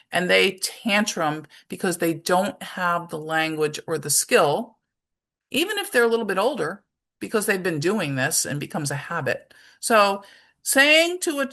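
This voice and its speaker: A middle-aged woman presenting a parenting workshop in a conversational way, acting out short examples and filling her pauses with "um". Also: medium pitch, creaky, sharp tone. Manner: conversational, with many fillers and acted-out examples. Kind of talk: informal presentation talk.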